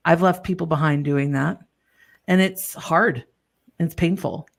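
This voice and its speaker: Reflective lower-voiced woman co-host. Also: steady tone, a little slow, vocal fry. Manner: reflective, thinks aloud with restarts. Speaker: podcast co-host. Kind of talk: casual interview chat.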